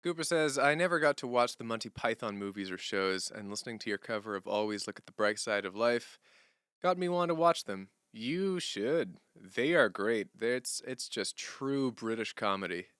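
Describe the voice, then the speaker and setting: A young man chatting casually on a livestream, answering viewer questions in a relaxed, rambling way and laughing often. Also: medium pitch, moderate pace, smooth, dry recording, studio quality. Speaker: streamer.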